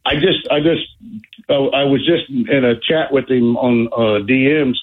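A man's voice: medium pitch, a little slow. A man calling into a radio show, rambling and hesitant with many fillers. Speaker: caller. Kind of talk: phone call to a radio show. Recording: tinny phone line.

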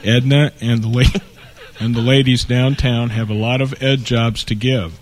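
A man's voice: mid-range voice, fairly even intonation, unhurried. A man delivering a mock infomercial in an earnest salesman manner, packed with double entendres. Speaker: comedy sketch performer. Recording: noisy studio recording.

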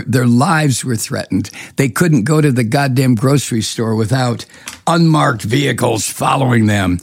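A man's voice: medium pitch, no room sound, clean studio sound. A man hosting a political commentary show, delivering a profane, scornful monologue with heavy emphasis.

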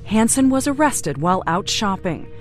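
A woman correspondent giving measured, dramatic scripted documentary narration. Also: medium pitch, expressive. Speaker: TV news correspondent. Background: music underscore.

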